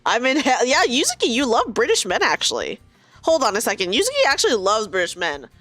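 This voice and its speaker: A woman's voice: fairly high pitch, wildly swooping pitch, a little fast, fairly bright tone, no room sound, soft background music. Chatty young woman streamer. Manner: chatty, giggly, reads game lines aloud. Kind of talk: casual game commentary.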